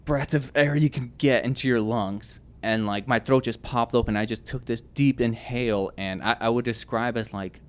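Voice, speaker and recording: A young man telling his personal testimony as a podcast guest, earnest and halting, with many restarts and fillers. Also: medium pitch, fairly even intonation, clear, resonant tone.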